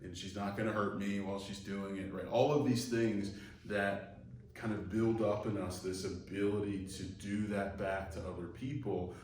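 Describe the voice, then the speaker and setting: A man's voice: lowish voice, fairly even intonation, normal speed, a little mellow. Lecturing man in an echoey room. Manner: conversational, digressive, acts out quoted voices. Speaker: psychology lecturer. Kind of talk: recorded online lecture. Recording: echoey room, mic far off, faint noise.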